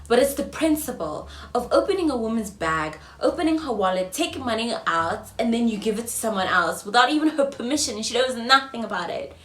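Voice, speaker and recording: A young South African woman in her twenties telling a storytime vlog, swinging between loud outbursts and hushed whispers. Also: on the high side, animated, fairly quick, few pauses. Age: 20s. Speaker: vlogger. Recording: roomy echo, mic at a distance, faint ambience.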